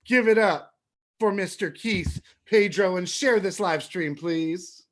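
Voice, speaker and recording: A man hosting a live-stream talk show, talking casually and briskly as he wraps up one guest and brings on the next. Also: high voice. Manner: casual, friendly, hurried wrap-up. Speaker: host.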